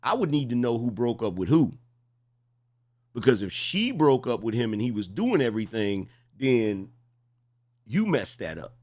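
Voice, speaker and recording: A man's voice: medium pitch, a little mellow. A man in his forties hosting reaction commentary, mocking and incredulous, pressing the same question again and again. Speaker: commentary host.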